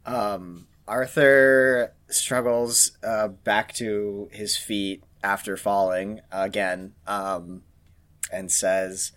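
A man playing a tabletop game, gruff and deadpan in his lines. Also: lowish voice, very slow. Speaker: player. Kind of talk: casual chat at a game table.

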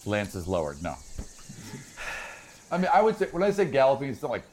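A man runs a tabletop game, describing scenes in a loose, chatty way and often stopping to correct himself. His pitch swings in an animated way. Faint noise sits under his voice. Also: a little fast. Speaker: game master.

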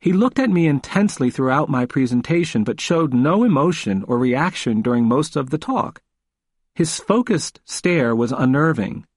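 A man reading a memoir audiobook in a measured, earnest way. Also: mid-range voice, lively intonation, no echo, clean studio sound. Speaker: narrator.

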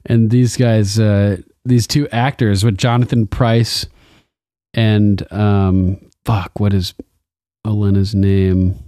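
A man's voice: on the low side, fairly even intonation, slow pace, warm tone, no echo, studio quality. A man co-hosting a casual TV recap podcast, laid-back and joking, chuckling often. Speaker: podcast co-host.

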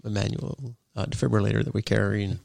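Male host, paramedic: gravelly voice, dry close mic, easygoing and measured. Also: fairly low pitch, flat delivery, a little mellow, dry recording. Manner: agreeable, measured, ends remarks with "right?". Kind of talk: casual conversation.

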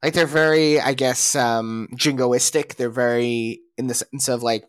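A man chatting on a podcast in a middle-pitched voice, working through his opinions with many restarts and fillers. The sound is close and dry with no room around it. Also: fairly even intonation, measured pace, clean tone, no room sound. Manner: rambling, restarts and hesitant fillers. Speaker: podcast co-host. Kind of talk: casual opinionated chat.

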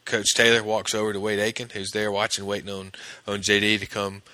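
Guy with a deep voice, punchy forceful tone, rambling episode recap with lots of uhs, dry close mic. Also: completely flat delivery, fairly quick, no echo. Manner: conversational, many fillers and restarts. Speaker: podcast host recapping an episode.

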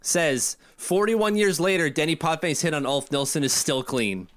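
Male podcast co-host, chatty, rambling, self-correcting, slightly high voice. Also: animated, moderate pace, fairly bright tone. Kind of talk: casual podcast chat.

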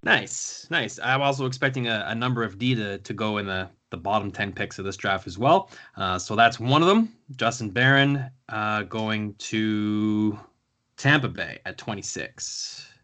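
A man's voice: fairly low pitch, expressive, a little slow, sharp tone. A man hosting a podcast, chatting casually as he runs through picks. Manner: conversational, runs the draft picks. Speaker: podcast host.

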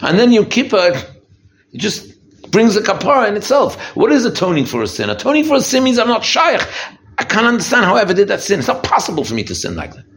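A man's voice: fast talker, vocal fry. A man giving an emphatic sermon as a rabbi, often repeating and restarting his phrases. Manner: lively, emphatic preaching that swings from low and quiet to high and intense. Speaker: rabbi giving a holiday talk.

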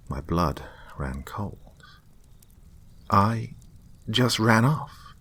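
A man narrating a scripted horror story in a slow, hushed, suspenseful delivery. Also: fairly low pitch, expressive, breathy edge.

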